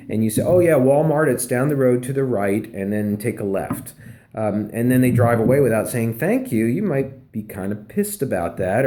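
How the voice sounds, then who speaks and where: A man's voice: mid-range voice, mellow. A man, a professor, giving a conversational recorded lecture with fillers and emphatic repeats. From Pennsylvania.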